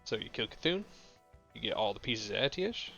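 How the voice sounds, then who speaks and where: A man's voice: on the low side, big pitch swings, brisk, gravelly, bright, forceful tone, highs cut off, soft background music. A man streaming a game live, explaining mechanics in a rambling, profanity-filled casual way at his desk mic. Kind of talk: casual live gameplay commentary.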